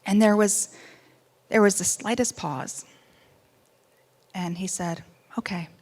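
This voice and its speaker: A woman speaks about her life in an emotional first-person storytelling speech. Her voice sits at an ordinary middle pitch. She swings from bursts of loudness to near-hushed lines and slips dry humor into serious moments. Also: takes it slowly. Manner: animated, swings between loud outbursts and hushed moments. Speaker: speaker giving personal testimony.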